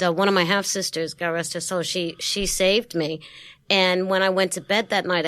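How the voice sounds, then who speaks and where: A woman with a Brooklyn New York accent, a guest in a studio interview, telling stories in a lively way and acting out the voices of the people she quotes. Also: on the low side, no room sound. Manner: lively storyteller who acts out quoted voices and laughs often. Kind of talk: casual interview storytelling.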